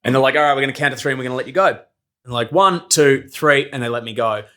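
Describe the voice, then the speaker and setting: A man's voice: medium pitch, steady tone, rapid-fire, pushed and bright. A young man telling stories casually on a podcast, swearing freely, laughing often and acting out what people said. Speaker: podcast guest, circus performer. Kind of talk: casual storytelling chat.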